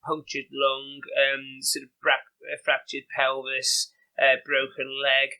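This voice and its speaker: A man with a Liverpool Scouse accent, a podcast guest telling animated, chatty stories with lots of "you know" and "like". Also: medium pitch, slow pace, clean tone, poor audio. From England. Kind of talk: casual anecdotal storytelling.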